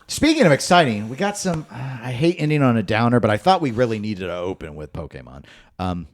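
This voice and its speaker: A man's voice: mid-range voice, expressive, fairly quick. A man co-hosting a gaming podcast in casual chat, rambling and chatty. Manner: rambling, chatty, laughs often. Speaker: podcast co-host.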